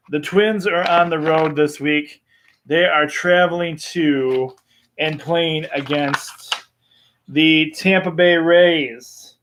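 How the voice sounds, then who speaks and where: Brief: male sports show host, slow and relaxed, slightly high voice, filler-heavy casual delivery. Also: slight background noise. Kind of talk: live-streamed sports picks show.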